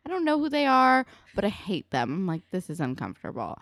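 A young woman co-hosting a casual TV recap chat, animated and acting out characters' lines as she goes. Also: high voice, brisk, no echo, studio quality. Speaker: podcast co-host.

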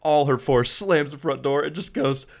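A man co-hosting a casual podcast, telling a story in a relaxed way and laughing as he goes. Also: a little high, normal speed, creaky, a little hiss or hum. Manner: laid-back, laughs while telling stories. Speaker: podcast co-host.

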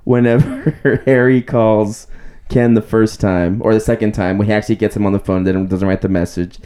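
A man with a somewhat low voice co-hosts a relaxed film podcast. He retells scenes in a halting way, often stopping and restarting his sentences. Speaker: podcast co-host. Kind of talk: casual film discussion.

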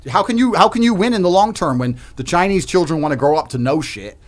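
A man's voice: expressive, quick pace, a crowd in the background. A man ranting emphatically and profanely as a podcast guest in a heated debate. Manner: emphatic, ranting, profane, swings loud and high.

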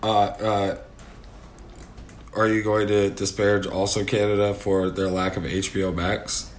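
Podcast co-host: low-pitched Midwestern American man, rambling and relaxed, faint hiss behind. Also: measured pace. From American Upper Midwest. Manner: rambling, laid-back, frequent fillers. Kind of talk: casual chat.

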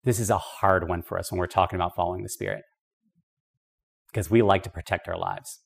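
A man's voice: low-pitched, fairly even intonation, a little fast, gravelly, slightly rough. Emphatic man teaching Bible study. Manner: emphatic, conversational, with casual asides. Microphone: podcast microphone.

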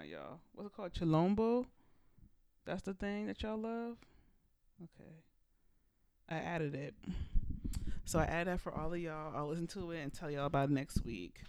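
A woman's voice: fairly low pitch, darkish tone, clear, resonant tone, dry recording, studio quality. A woman hosting a podcast, chatting casually and playfully, talking straight to her listeners. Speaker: podcast host. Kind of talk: casual chat. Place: indoors, at home.

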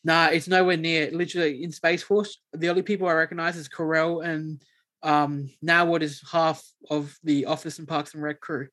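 A man's voice: a little high, little pitch movement, moderate pace, a bit bright, dry recording. A man co-hosting a casual podcast chat, rambling loosely, swearing and laughing as he talks. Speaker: podcast co-host.

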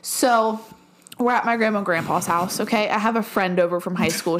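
A woman's voice: on the high side, moderate pace, a little hiss or hum. A young woman hosting a podcast, chatting casually and acting out her own stories with laughter. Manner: animated, acts out quotes with laughter. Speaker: podcast host. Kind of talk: casual chat, storytelling.

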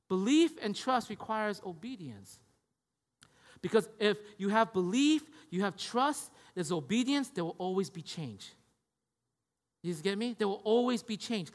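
With a high, fairly bright voice, a male preacher gives a relaxed sermon that circles back on itself. He keeps checking in with the audience, saying "right?" and "you guys get me?" over and over, and a long hall reverb trails his words.

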